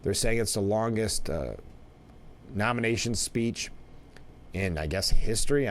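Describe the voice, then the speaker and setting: A man with a lowish voice hosts a talk show from a broadcast studio. He chats through the news casually, restarting sentences and wandering into asides. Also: a little hiss or hum. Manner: conversational, frequent restarts and asides. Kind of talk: casual political commentary.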